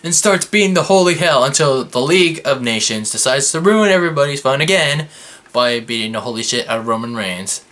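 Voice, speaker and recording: A young man recapping a wrestling show in a casual, sarcastic, excitable way. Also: medium pitch, a little fast. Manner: excitable, sarcastic, fluctuating energy. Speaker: wrestling review vlogger.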